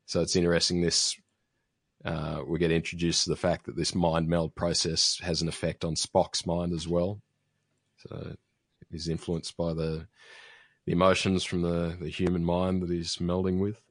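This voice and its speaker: A man's voice: low-pitched, monotone, normal speed, no room sound, clean studio sound. A man casually recapping a TV episode as a podcast host, rambling with fillers and restarts. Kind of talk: casual chat.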